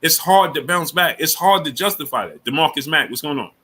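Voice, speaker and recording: A man's voice: on the high side, expressive, fairly quick, pushed and bright, slightly rough. A man hosting a casual sports talk livestream, speaking in loose slang and greeting viewers from the super chat between his takes.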